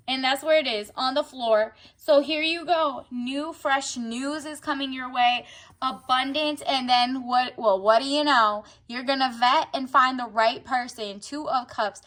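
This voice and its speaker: Woman, high-pitched, chatty tarot reader, slangy, casual. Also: unhurried, fairly bright tone. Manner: chatty, slangy, acts out the viewer's inner voice.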